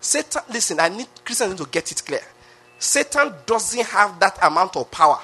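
A Nigerian-accented pastor preaching a sermon with emphatic repetition, often asking the congregation questions. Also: male voice, sits high, very animated, moderate pace, bright, forceful tone, slightly rough. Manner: emphatic, repeats phrases, asks the crowd questions.

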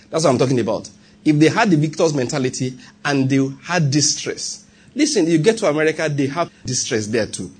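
A man with a Nigerian accent preaching a sermon as pastor, animated and humorous, asking the congregation rhetorical questions. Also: a little high, breathy edge.

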